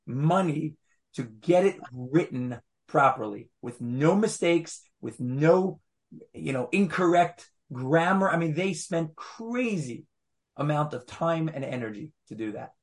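A man lecturing a study group at an easy pace. his voice sits a touch high, and he comes back to his points, restating them with small asides as he goes. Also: animated, a little slow. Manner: patient, repeats phrases, fond of asides. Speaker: Torah teacher. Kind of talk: explanatory class lecture.

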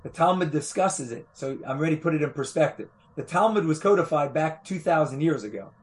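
A man lecturing a study group at an easy pace. his voice sits a touch high, and he comes back to his points, restating them with small asides as he goes. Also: animated, brisk. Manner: patient, repeats phrases, fond of asides. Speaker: Torah teacher. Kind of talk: explanatory class lecture.

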